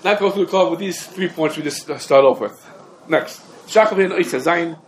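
A man teaching a Torah class, talking quickly and emphatically, his explanations dense with Hebrew and Aramaic legal terms. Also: fairly high pitch, a little hiss or hum, low-quality recording. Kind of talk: rapid halachic lecture.

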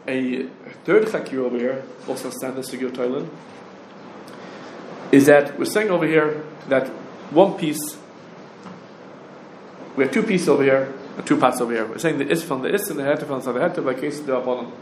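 A man teaching a Talmudic law lecture, firing off rapid questions and rising challenges. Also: mid-range voice, darkish tone, slight background noise. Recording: roomy echo with faint ambience.

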